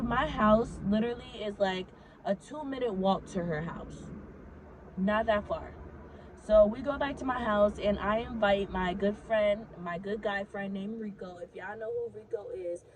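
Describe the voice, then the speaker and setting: A woman's voice: mid-range voice, a little slow, noisy background. A young adult woman casually telling a story to her viewers, chatty and swearing freely.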